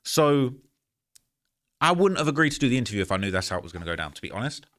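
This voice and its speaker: A man's voice: mid-range voice, sing-song, fast, fairly bright tone. A man telling a story to camera in a candid, rambling way, frustrated and earnest, often saying "man" and "bro.". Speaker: YouTuber recounting a story to camera. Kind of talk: casual storytelling monologue.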